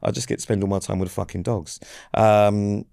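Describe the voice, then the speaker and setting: A man co-hosting a casual podcast, deadpan and teasing as he keeps the chat moving. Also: on the low side, brisk, creaky, no room sound, studio quality. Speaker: podcast co-host. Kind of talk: casual banter.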